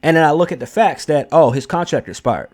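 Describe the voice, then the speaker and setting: A man's voice: on the high side, fairly quick, a little mellow. Blunt, profane young man ranting. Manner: blunt, profane, emphatic with frequent fillers. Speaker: wrestling commentary host. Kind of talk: casual opinion commentary.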